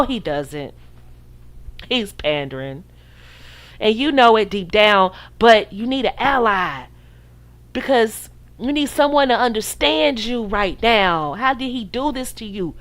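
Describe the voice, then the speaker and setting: A woman's voice: fairly high pitch, lively intonation, measured pace, pauses often, a bit bright. A woman from the United States hosting a podcast, giving casual dating advice in a preachy, sassy way and acting out her listeners' voices. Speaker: podcast host.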